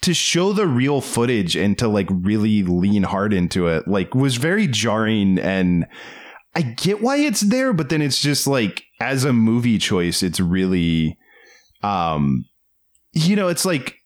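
A man's voice: on the low side, sing-song, unhurried. A man talking casually about films as a podcast co-host, rambling with many fillers and frequent laughs. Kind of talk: casual film discussion.

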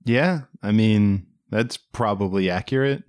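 A man's voice: lowish voice, a little slow, clear, resonant tone, no echo, clean studio sound. A man co-hosting a podcast, chatting casually and wryly about a movie, with many restarts. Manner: animated, wry, restarts a lot. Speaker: podcast co-host. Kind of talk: casual movie review chat.

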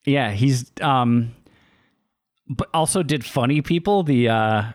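A man's voice: medium pitch, takes it slowly, no echo, clean studio sound. A man co-hosting a casual movie review podcast, listing facts wryly with many fillers. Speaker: podcast co-host.

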